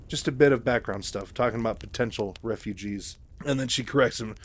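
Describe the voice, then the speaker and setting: A man's voice: medium pitch, a little fast. A man casually retelling a novel, rambling with many fillers and asides.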